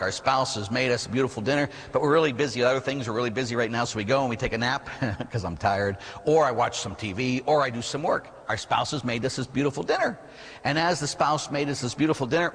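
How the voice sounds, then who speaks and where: A Catholic priest giving a sermon, preaching in a lively, conversational way with rhetorical questions and playful asides. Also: male voice, medium pitch, slightly rough. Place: church. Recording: long reverb of a church hall.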